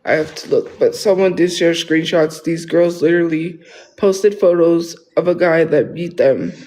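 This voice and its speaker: A man's voice: fairly high pitch, normal speed, darkish tone, poor audio. A man talking casually on a livestream, rambling and defensive, often restarting his sentences.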